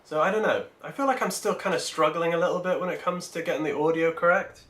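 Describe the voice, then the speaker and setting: A man's voice: on the high side, fast talker, fairly bright tone, reverberant. A man hosting a casual livestream while painting miniatures, chatty and rambling as he answers his chat, speaking into a Bluetooth microphone.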